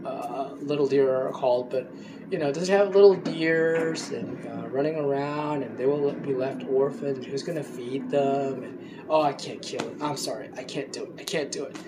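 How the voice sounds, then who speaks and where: A man's voice: medium pitch, normal speed, noisy background, natural voice. A man putting on an imagined tender-hearted hunter who frets over killing a deer, in a fretful, sentimental tone.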